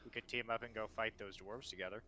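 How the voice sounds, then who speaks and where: A man's voice: on the low side, fairly even intonation, quick pace, pushed and bright, slight background noise. A man playing a tabletop game, talking casually and hesitantly, often stammering. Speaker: player.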